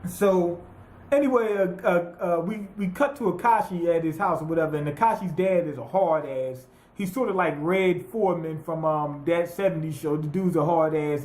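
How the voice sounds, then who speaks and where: Profane, rambling high-voiced man. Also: normal speed, reverberant. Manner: profane, rambling, animated retelling with quoted voices. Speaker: anime reviewer. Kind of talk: casual recap monologue.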